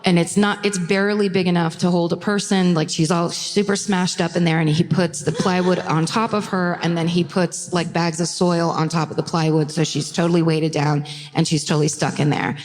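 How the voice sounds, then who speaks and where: This live true crime podcast co-host recounts the case casually from a theater stage, swearing and tossing in laughing asides for the audience. She speaks in a lowish voice with fairly even intonation, briskly and with few pauses, and the room's live theater reverb is audible.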